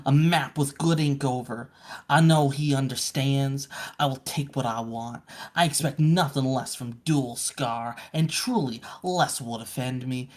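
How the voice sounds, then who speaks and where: A man's voice: medium pitch, unhurried, pitched below the performer's own voice, lightly acted. A man putting on a haughty pirate troll lady. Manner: grandiose, theatrical reading with a pirate lilt. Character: haughty female pirate troll writing her journal. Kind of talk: reading a comic aloud on stream.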